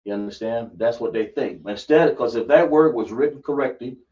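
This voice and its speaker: A man teaches a religious class, emphatic and quizzing listeners with rhetorical questions. His voice is medium-pitched and mellow, his delivery brisk. The recording is dull, distant and lo-fi.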